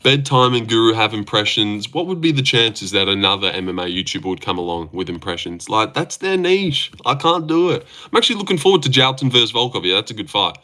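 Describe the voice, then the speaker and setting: A man's voice: lowish voice, big pitch swings, brisk, hardly any pauses, bright, forceful tone. A young man hosting a casual livestream, reading chat aloud and joking around with plenty of swearing. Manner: sweary, joking, laughs often.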